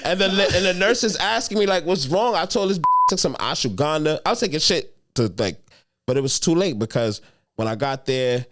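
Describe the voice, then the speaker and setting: A man's voice: fairly high pitch, lively intonation, fairly quick, a bit bright. A young adult man, telling a story as a comedian guest on a podcast in a casual, slangy, profane way. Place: podcast studio.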